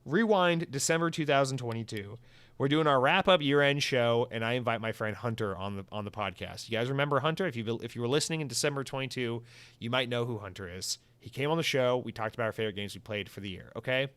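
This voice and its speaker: A man's voice: mid-range voice, fast talker, fairly bright tone, clear, resonant tone, no echo. Young man, solo podcast host, rambling, profane, joking, dry close mic. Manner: rambling, profane, comic exaggeration.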